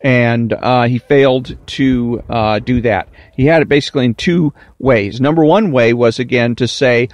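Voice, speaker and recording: A man delivering a political commentary monologue, deliberate and emphatic, slowing to stress key words. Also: mid-range voice, dry recording. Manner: deliberate, emphatic, drawn-out stresses, mocking whiny impressions.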